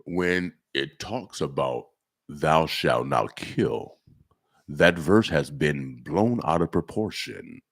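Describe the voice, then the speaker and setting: A man putting on a deep, grave prophet voice. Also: heavily acted. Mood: solemn. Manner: slow, grave, sermon-like reading. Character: deep solemn male biblical prophet.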